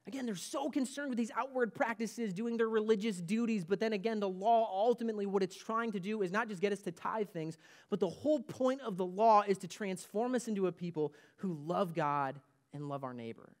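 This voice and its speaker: A man's voice: high voice, a little fast. A man preaching a sermon as pastor of a church, emphatic and repeating his key points.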